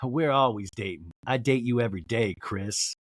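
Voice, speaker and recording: A man voicing a smug younger boyfriend in a low, mumbling mock voice. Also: normal speed, no echo, clean studio sound, lightly acted.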